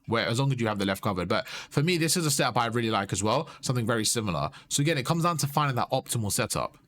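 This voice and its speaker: Going over a player's gameplay footage, a coach breaks down positions, drives his key points home through repetition, and checks in with "you see?". His mid-range voice has a fairly bright tone.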